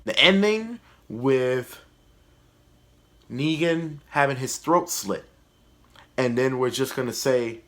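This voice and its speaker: A man's voice: medium pitch, slow, pauses often, a bit bright, a little hiss or hum. A male comedian reviews a TV season in a casual vlog. He is blunt and sarcastic and swears freely. His mid-range voice stays conversational. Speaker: YouTube comedian reviewing a TV show.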